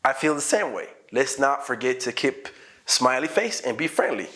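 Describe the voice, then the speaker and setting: A man leads a relaxed English lesson, explaining everyday phrases one by one. His pitch jumps around constantly as he acts out each example line. He keeps checking in with learners as he goes. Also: normal speed. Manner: animated, acts out example phrases, often asks "okay?". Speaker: English teacher.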